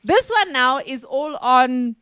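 Woman co-host, slightly high voice, dry close sound, reads lines with careful stress, patient explainer. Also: expressive, slow, bright, forceful tone, clean tone, no room sound. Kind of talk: casual group chat, reading examples aloud.

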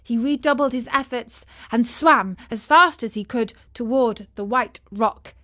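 A woman narrates a children's classic in a calm, measured way. Her voice sits slightly high and she takes her time. The recording is dry and close. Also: dry recording.

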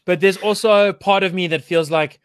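A man's voice: sits high, fairly even intonation, a little fast, clean tone, no room sound. A man co-hosting a casual chat, rambling and hesitant with lots of restarts. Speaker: podcast co-host.

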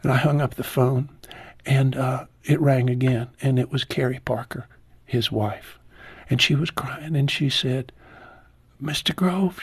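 Husky man in his sixties telling a grief story. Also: no room sound. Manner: slow, heartfelt storytelling, voice dropping low and soft at painful moments. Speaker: interview guest. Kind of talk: personal testimony in an interview.

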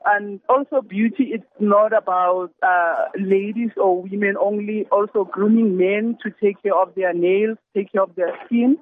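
A woman calling in to pitch her beauty business, hesitant and full of fillers. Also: fairly even intonation, a little slow, hardly any pauses, no room sound. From South Africa. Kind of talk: live phone-in pitch. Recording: tinny phone line, very dry.

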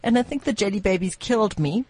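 A woman's voice: medium pitch, animated, fast, darkish tone, husky, no room sound. A woman, co-hosting a casual chat show and telling stories animatedly, laughing often. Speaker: co-host.

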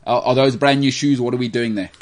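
A man hosting a podcast, quick to tease and joke. He talks in a loose, casual way and jumps from one playful jab to the next. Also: mid-range voice. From South Africa. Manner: teasing, joking, animated. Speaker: podcast host.

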